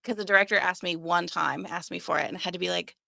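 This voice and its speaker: Woman co-host, bright slightly raised voice with vocal fry, lively giggly storyteller, dry close sound. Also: on the low side, fast talker, dry recording. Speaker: show co-host. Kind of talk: casual live-chat banter.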